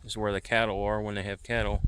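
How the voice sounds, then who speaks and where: A man's voice: lowish voice, flat delivery, quick pace, very noisy. A man casually showing viewers around his rural property at night in an easygoing, rambling vlog, recorded outdoors on a handheld camera. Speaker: vlogger. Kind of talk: casual walking tour vlog.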